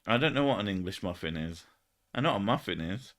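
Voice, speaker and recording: A man's voice: fairly low pitch, lively intonation, quick pace, a bit bright, a little hiss or hum. A young man hosting a casual stream chat, joking, swearing often and laughing between jokes. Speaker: streamer host.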